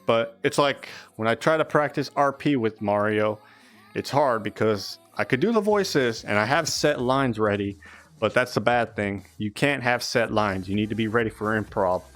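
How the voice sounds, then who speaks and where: A man's voice: on the low side, normal speed, a bit bright, soft background music. A young man chatting casually and rambling on a live stream, swearing often.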